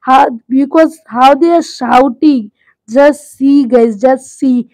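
A young woman with a Bangladeshi accent, a native Bengali speaker, chatting excitedly in simple English while vlogging outdoors at a bird enclosure. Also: high voice, takes it slowly, no echo, poor audio. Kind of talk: casual travel vlog. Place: outdoor bird enclosure at a safari park, in rain.

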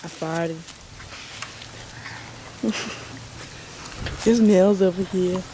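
Young guy yelling and laughing through a backyard wrestling match, slow drawn-out calls, noisy recording. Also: high voice, steady tone. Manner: exclaiming, laughing, cursing, counting pins. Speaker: amateur wrestling commentator. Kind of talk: excited casual commentary. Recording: noisy amateur outdoor recording.

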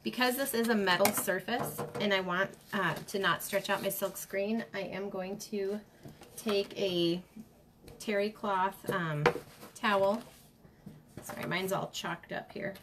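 A woman's voice: mid-range voice, fairly even intonation, measured pace, noisy background. A woman hosting a casual craft demonstration, chatting and greeting viewers by name as she works. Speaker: craft livestream host.

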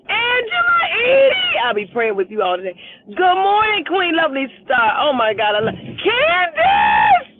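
A woman hosting a casual live stream, greeting viewers one by one by name and laughing often while urging them to vote. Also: fairly high pitch. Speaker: livestream host. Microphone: phone camera held at arm's length. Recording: tinny phone-like audio.

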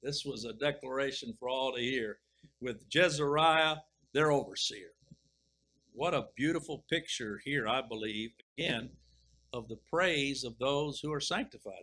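A middle-aged man preaching, reading scripture slowly and deliberately, then commenting with emphatic swells. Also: medium pitch, sharp tone, poor audio. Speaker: pastor. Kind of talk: expository sermon reading and explaining scripture.

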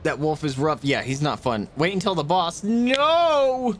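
A man's voice: on the high side, brisk, slight background noise. A man streaming a video game, chatting with viewers and yelping and swearing as he plays. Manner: excitable, yelps and swears at the game. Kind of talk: casual gameplay commentary.

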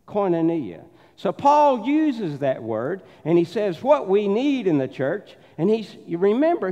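Southern pastor preaching in a reverberant church. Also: male voice, sits high, mellow. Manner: storytelling, acts out the voices in his anecdotes. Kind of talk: sermon. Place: church sanctuary. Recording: dull sound with long church reverb.

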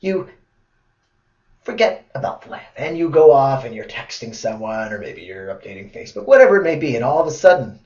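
A male tutor gives a video lesson and spins silly little stories to make a point. His voice sits in the middle range and sounds a bit roomy. The recording is muffled and lo-fi. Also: medium pitch. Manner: playful storytelling, animated asides. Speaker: test prep tutor.

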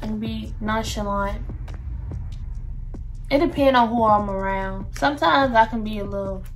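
A woman's voice: medium pitch, moderate pace, slight background noise. A young woman, chatting casually to her viewers in a get-to-know-me vlog. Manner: chatty, addresses viewers as "y'all". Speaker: vlogger.

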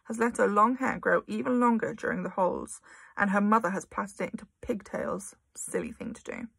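A woman's voice: mid-range voice, big pitch swings, a little fast, creaky, a bit bright, slightly rough, dry recording, full character voice. A woman doing a gossipy, knowing schoolgirl. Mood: scornful. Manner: confiding, often whispered.

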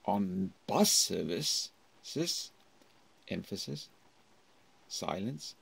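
A male university lecturer with a low, gravelly voice giving a recorded English lesson. He talks slowly and haltingly, with many fillers. His pitch swings widely as he models each phrase. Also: sing-song, a little mellow. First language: Afrikaans. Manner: slow, halting teaching talk with fillers and demonstrated phrasing.

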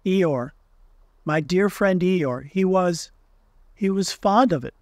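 A gentle, simple-minded little male bear, humble and slow to follow long words, as a man reads him aloud. The voice sits a bit high and sounds close and dry, in a storybook reading. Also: dry recording. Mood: solemn.

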